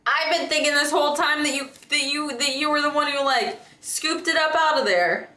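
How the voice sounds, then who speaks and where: A woman's voice: sits high, moderate pace, bright, forceful tone. A woman streamer in casual livestream chat, teasing and laughing often. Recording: echoey room.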